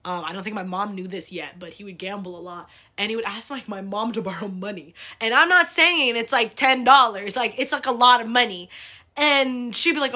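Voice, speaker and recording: A woman's voice: fairly high pitch, normal speed, sharp tone. A young woman from the United States hosting a podcast, telling a family story in a loose, chatty way, full of "like" and casual swearing. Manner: chatty, fills with "like", swears freely. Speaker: podcast host.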